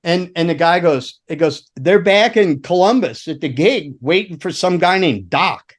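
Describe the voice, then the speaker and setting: A man's voice: on the high side, expressive, moderate pace. An older man, a former roadie, telling rambling, profane road stories in casual chat, laughing and acting out quotes. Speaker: guest, former rock roadie.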